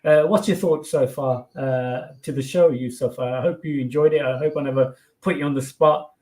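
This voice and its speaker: A man's voice: mid-range voice, fairly even intonation, normal speed, darkish tone. Male stream host, casual, friendly, hesitant delivery. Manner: friendly, hesitant, filler-heavy.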